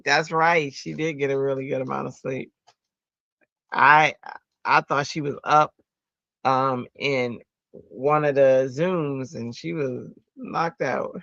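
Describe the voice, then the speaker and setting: Woman host, chatty live-stream crafter talking to chat, tense bright tone, muffled stream audio. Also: extremely low pitch, slow, vocal fry, dry recording. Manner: chatty, answers chat, breaks into sung bits. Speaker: livestream host. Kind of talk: casual livestream chat while card-making. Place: home craft room.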